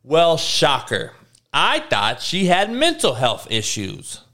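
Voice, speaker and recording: A man's voice: on the high side, wildly swooping pitch, slow, pushed and bright. A middle-aged man ranting as a podcast host, blunt, sarcastic and heavy on profanity, often stammering through restarts. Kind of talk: profane rant.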